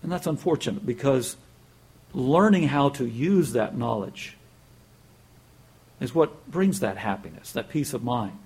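A man's voice: medium pitch, lively intonation, a little slow, long pauses, darkish tone, breathy edge. A man preaching a sermon in a conversational way, telling a joke, chuckling and repeating words as he goes.

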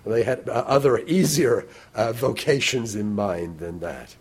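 A man preaching a sermon in a measured way, slowing down to stress scripture and lifting his voice when he quotes it. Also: medium pitch, slightly rough.

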